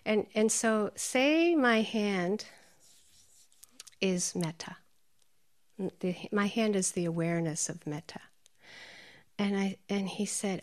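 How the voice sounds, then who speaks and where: A woman meditation teacher giving a dharma talk, telling stories, laughing often and dropping into soft whispers. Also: lowish voice, slow, pauses often.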